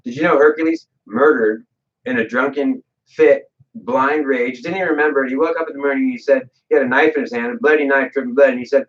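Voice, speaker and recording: A man talking on a livestream as a guest, telling stories with animated delivery and voiced quotes. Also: mid-range voice, quick pace, lo-fi sound. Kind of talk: livestream talk, storytelling.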